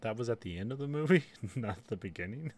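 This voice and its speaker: A man's voice: mid-range voice, animated, fast talker, darkish tone. Rambling, laughing podcast co-host man. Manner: rambling, laughs often, trails off. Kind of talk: casual chat.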